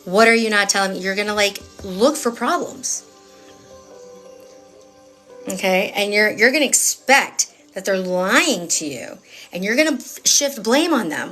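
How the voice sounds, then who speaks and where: A woman's voice: mid-range voice, lively intonation, measured pace, bright, forceful tone, faint music behind. A woman giving a live-streamed tarot reading in a casual, sassy way. She swears often and repeats phrases for emphasis as she talks straight to her viewers. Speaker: tarot reader.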